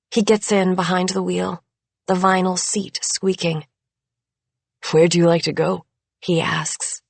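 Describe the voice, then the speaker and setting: A woman narrating a thriller audiobook in a measured, suspenseful way, close to a studio mic. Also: on the low side, gravelly, no echo. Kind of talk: scripted narration.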